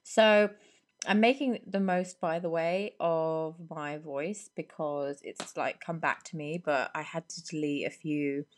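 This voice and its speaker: A young woman in her twenties, hoarse from a cold, chatting casually and rambling on her solo podcast into a microphone. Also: sits low, steady tone, a little slow, a little hiss or hum. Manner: rambling and chatty, many fillers. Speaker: podcast host.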